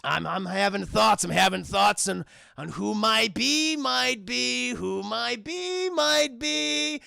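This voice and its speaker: Guy doing a creepy mad doctor, taunting and drawn out, high and gravelly. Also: takes it slowly, pushed and bright, no echo, clean studio sound, exaggerated voice. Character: menacing deranged male surgeon.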